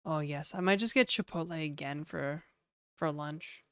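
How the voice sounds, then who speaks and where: Rambling woman streamer reading chat; smooth voice, dry close mic. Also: low-pitched, moderate pace, a bit bright, no echo. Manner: rambling, chatty, reads chat aloud. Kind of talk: casual live-stream chat.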